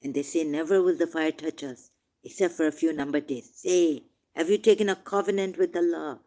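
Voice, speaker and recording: A man reading scripture verses aloud and commenting on them, turning emotional, shifting between quiet musing and loud, drawn-out declaiming. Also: fairly high pitch. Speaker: religious commentator.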